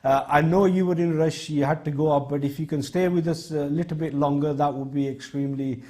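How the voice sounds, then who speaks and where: A male talk show host from the United Kingdom with a slightly higher voice. He reads out viewer texts and keeps things moving in a polite, brief manner. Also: steady tone, a little fast, warm tone.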